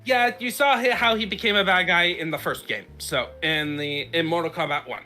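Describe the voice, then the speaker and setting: A man's voice: a little high, moderate pace, bright, forceful tone, soft background music. A man in casual podcast chat, recapping a game story in a rambling way with frequent fillers and restarts. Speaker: podcast host.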